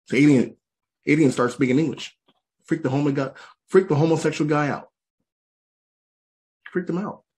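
A man doing stand-up comedy, animated and repetitive, talking straight to the audience. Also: fairly high pitch, moderate pace, long pauses, breathy edge. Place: comedy stage. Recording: live show, faint crowd and noise.

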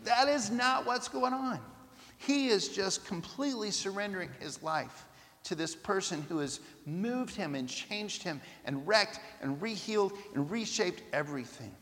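A man preaching a sermon in an animated way, acting out the voices of people he quotes. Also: high-pitched, moderate pace, big-room sound.

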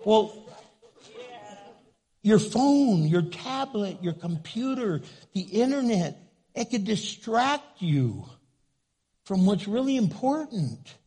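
A man's voice: high voice, slow pace, breathy edge. An older man preaching a humorous sermon, often acting out voices. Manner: animated, humorous, acts out voices in quotes. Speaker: pastor.

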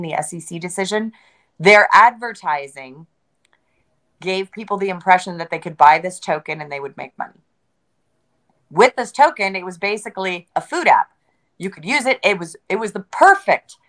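An emphatic woman guest in a casual interview, with a voice sitting a little low for a woman. She hammers points home by repeating words, and she slips in wry jokes along the way. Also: a bit bright. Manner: joking, conversational. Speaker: interview guest, crypto entrepreneur.

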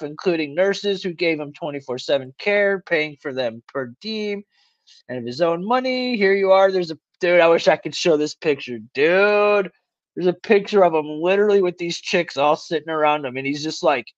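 A man's voice: on the high side, dry recording, highs cut off. A man co-hosting a casual call-in talk show, reading news stories aloud and breaking in with slangy joking asides. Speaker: co-host.

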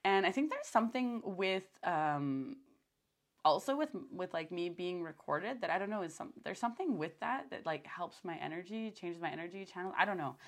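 Young woman rambling on her podcast, lots of "like", gets excited retelling stuff. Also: fairly low pitch, normal speed. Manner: rambling, many fillers, animated when retelling her own thoughts. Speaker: podcast host. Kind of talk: casual monologue podcast.

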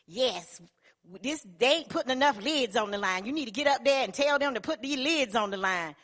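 A woman's voice: fairly high pitch, expressive, extremely slow, pitched above the performer's own voice, heavily acted. A woman voicing a bossy caller giving orders over a work radio.

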